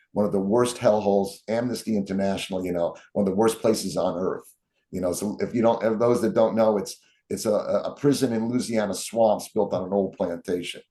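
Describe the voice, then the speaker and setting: Man recounting his past in an interview. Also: fairly low pitch. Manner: animated storyteller, acts out quotes. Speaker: interview guest. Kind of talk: storytelling interview.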